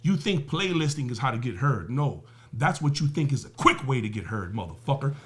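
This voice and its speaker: A man's voice: medium pitch, sing-song, brisk, a bit bright. A man talking on a podcast as a guest, emphatic and profane, firing off rhetorical questions and everyday analogies. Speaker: music business guest. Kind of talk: podcast interview talk.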